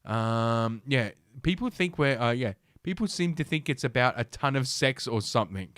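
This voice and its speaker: This expressive podcast host, medium-pitched with a fairly bright tone, reads an article at normal speed and mocks it with crude, cursing asides. He often laughs at his own jokes. The studio recording has no echo.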